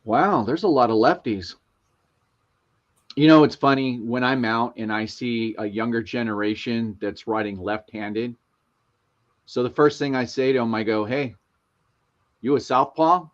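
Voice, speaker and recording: A man's voice: mid-range voice, moderate pace. A middle-aged man hosting a livestream, reading viewer comments and telling casual stories in a chatty way. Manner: chatty anecdotal storyteller. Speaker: livestream host. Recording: lo-fi livestream audio.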